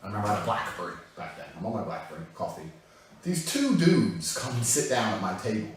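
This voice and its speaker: A man telling a profane, animated story. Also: lowish voice, fast, a little hiss or hum. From England. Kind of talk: casual anecdote. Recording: very echoey room, mic far off.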